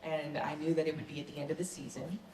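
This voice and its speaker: A woman's voice: deep voice, level tone, fast. A woman from the American South, an actor answering fan questions on a convention panel in an enthusiastic, earnest way. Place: large convention hall. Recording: echoey convention hall, faint noise.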